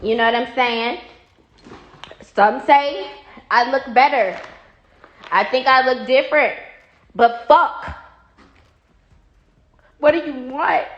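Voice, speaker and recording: A woman's voice: high voice, slow pace, pauses often, muffled recording. A woman talking casually straight to her followers, blunt and profane, repeating herself when riled. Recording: echoey room.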